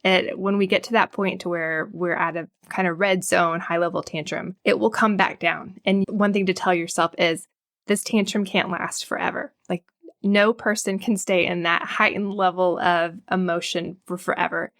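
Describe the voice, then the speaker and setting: A woman, a child psychologist speaking as a podcast guest, calm and reassuring as she explains. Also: fairly low pitch, normal speed, no room sound, clean studio sound. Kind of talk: podcast interview.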